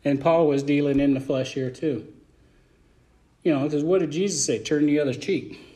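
A man preaching a verse-by-verse sermon as a pastor, talking in an animated, colloquial and emphatic way. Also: a little high, moderate pace.

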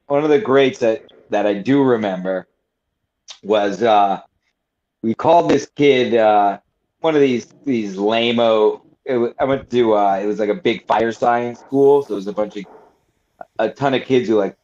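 A man with a lowish, somewhat dark voice co-hosts a podcast, speaking a little slowly. He rambles through stories in casual chat, filled with fillers, restarts, and swearing. The lo-fi recording sounds slightly dull.

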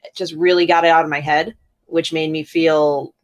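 A woman's voice: sits low, little pitch movement, moderate pace. A young woman, an author and podcast co-host, speaking hesitantly in an interview with many fillers. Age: young adult. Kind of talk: candid conversational interview.

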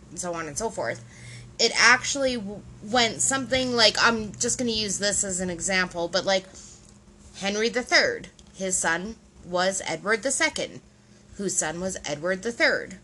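A woman's voice: medium pitch, bright, forceful tone, a little hiss or hum, low-quality recording. A woman co-hosting a casual podcast, explaining things patiently with lots of "like" and "right?" checks. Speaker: podcast co-host.

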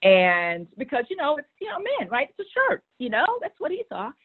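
Middle-aged woman, interview guest, animated storyteller, stammering restarts, tinny phone-like sound. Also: sits high, moderate pace, breathy edge. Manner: animated, repeats words when starting sentences. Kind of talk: conversational storytelling.

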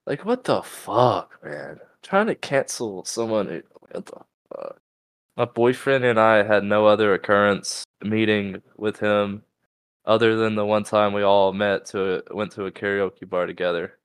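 A man's voice: on the low side, measured pace, clean tone, no room sound. A young man co-hosting a podcast in casual, profane, rambling chat, at times reading a post aloud and reacting to it. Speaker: podcast co-host.

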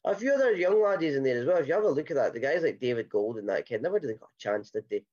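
A Scottish man chatting about football on a podcast, rambling and restarting his sentences. His voice sits at a middle pitch. The recording sounds a little dull and lo-fi. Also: expressive, racing, darkish tone. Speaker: podcast host. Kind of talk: casual football podcast chat.

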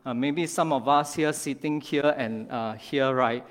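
Slow, measured pastor in a reverberant hall. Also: male voice, mid-range voice. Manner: measured, deliberate preaching with repeated emphasis and fillers. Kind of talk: sermon. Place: church sanctuary.

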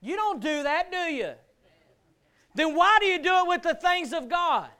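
Male preacher, very high bright voice, smooth, fervent shouting delivery. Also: lively intonation, normal speed. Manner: preaching with rising shouts and rhetorical questions. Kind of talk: sermon.

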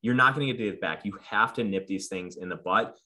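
A man's voice: on the low side, quick pace, sharp tone. A man in his thirties, a guest in a casual interview, talking earnestly with lots of fillers and restarts. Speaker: podcast guest.

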